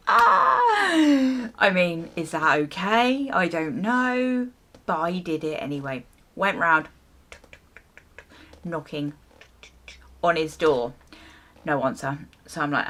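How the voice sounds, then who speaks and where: A young woman telling a casual storytime while she does her hair, lively and a little sweary as she acts out her reactions. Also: lowish voice, slow, pauses often. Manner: animated storytelling with mild swearing and acted-out reactions. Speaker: beauty vlogger.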